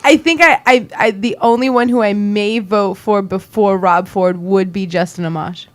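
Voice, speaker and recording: A woman's voice: medium pitch, steady tone, normal speed. A young woman co-hosting a casual political talk show, telling a news story while laughing through it.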